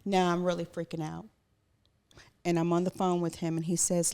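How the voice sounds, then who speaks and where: A woman's voice: lowish voice, flat delivery, normal speed, mellow, clear, resonant tone. A woman guest telling a personal story in conversation, vividly acting out what others said. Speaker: guest, educator.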